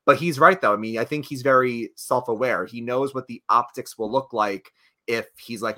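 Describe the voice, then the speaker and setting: A man with a bright, clear tone talks through the week's episode in a loose, rambling manner. He restarts sentences often and leans on fillers as he chats with his co-host. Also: medium pitch, moderate pace. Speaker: podcast co-host. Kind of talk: casual chat.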